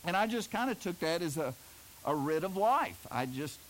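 A man's voice: on the high side, sing-song, normal speed, fairly bright tone, a little hiss or hum, low-quality recording. A middle-aged man from Oklahoma preaching a sermon, telling homespun stories and joking with the congregation. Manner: folksy storytelling, jokes with the congregation. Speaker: pastor.

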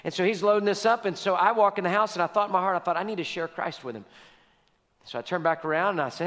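A man's voice: high voice, fast talker, a bit bright, big-room sound. A male pastor preaching a sermon, telling stories and repeating key lines for emphasis.

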